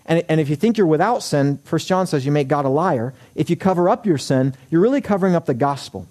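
A man preaching a sermon as pastor, animated, acting out quoted voices with wry humor. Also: fairly high pitch, quick pace.

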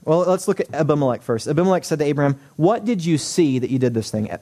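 A man preaching a sermon as pastor, animated, acting out quoted voices with wry humor. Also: on the high side, fast talker.

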